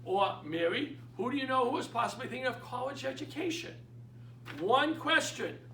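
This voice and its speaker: A middle-aged man with a Boston accent, coaching real estate agents in an energetic, emphatic way and acting out phone calls. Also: very high voice, moderate pace, recorded from a distance, slight background noise. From Boston area. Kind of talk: instructional talk. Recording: echoey room, speaker away from the mic.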